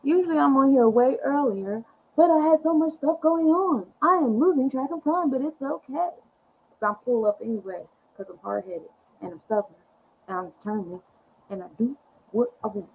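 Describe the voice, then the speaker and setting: A woman's voice: high voice, normal speed, phone-quality sound, a little hiss or hum. Slangy upbeat woman hosting astrology. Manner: slangy, upbeat, laid-back. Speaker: astrology podcast host. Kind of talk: casual chat.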